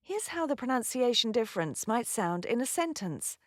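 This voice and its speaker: A woman with a fairly high, very lively voice teaches pronunciation in a scripted lesson. She enunciates each word clearly and carefully. The recording is dry and close, with no room sound. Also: moderate pace, no echo.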